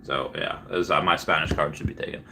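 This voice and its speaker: A man's voice: rumbling low, fairly even intonation, a little fast, pushed and bright, slight background noise. A man hosting a casual livestream, telling a rambling story full of fillers and restarts while chatting with viewers. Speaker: livestream host.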